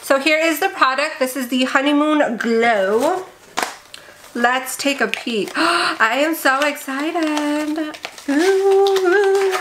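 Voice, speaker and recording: A young woman vlogging casually as she unboxes beauty products, gushing and gasping with excitement. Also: high voice, noisy background. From India. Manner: gushing, excitable, gasps often.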